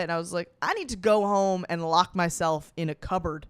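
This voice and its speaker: A young woman spins a self-mocking comic story for her podcast, brash and quick to swear. Her voice is smooth and clear, recorded close and dry with no room around it. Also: no room sound. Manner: animated, jumps up in pitch for quoted voices. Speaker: podcast host.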